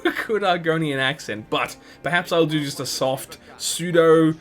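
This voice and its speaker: A man's voice: fairly high pitch, moderate pace. A man hosting a let's play, giving chatty, rambling gameplay commentary full of restarts and laughs. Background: game music.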